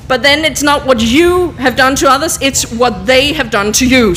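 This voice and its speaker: A woman, speaking at a panel and teaching a prayer in sign language slowly and deliberately, with many fillers. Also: high-pitched, fairly bright tone. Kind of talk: live talk teaching a prayer in signs. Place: outdoor public event.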